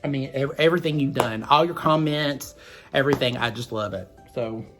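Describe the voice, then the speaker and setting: Speaking briskly over music, a medium-pitched man with a Southern US twang hosts a makeup vlog. His beauty tutorial is rambling and chatty, sprinkled with asides to the audience.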